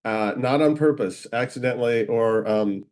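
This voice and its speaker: Male host, mid-pitch, relaxed and brief, interview setting. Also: normal speed. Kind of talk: casual interview.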